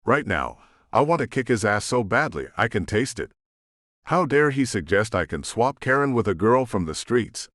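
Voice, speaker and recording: A male narrator reading a first-person romance audiobook with expressive, emotional delivery. His voice sits on the low side and moves lively through its pitch range. The recording is dry and close, without room sound. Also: moderate pace, dry recording.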